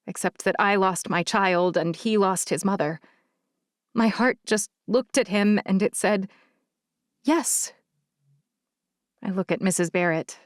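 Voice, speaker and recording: A woman's voice: mid-range voice, dry recording, studio quality. Woman narrating a romance audiobook. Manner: intimate, emotional first-person storytelling. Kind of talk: first-person audiobook narration.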